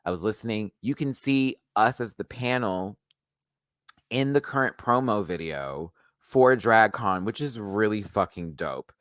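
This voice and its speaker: Animated man ranting, dry close sound. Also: a little slow, no room sound. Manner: animated, acts out quotes with big pitch jumps. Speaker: YouTube host. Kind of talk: casual storytelling rant.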